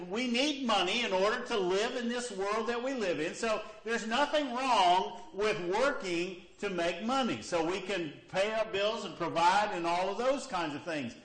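A man's voice: sits high, a bit bright. A man pastor preaching a sermon to a congregation, who often stops to ask "okay?" to check that his listeners are following. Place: church hall with a congregation, also live-streamed. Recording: echoey church hall.

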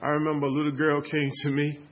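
A man's voice: a little high, monotone, fast, muffled recording. A pastor preaching a sermon with call-and-response, repeating and restarting his words as he builds up.

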